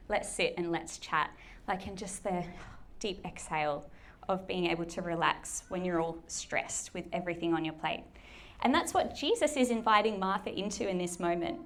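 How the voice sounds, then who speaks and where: A woman preaching a sermon in a conversational, chatty way, acting out quoted lines playfully. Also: medium pitch. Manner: conversational, chatty, with lots of fillers.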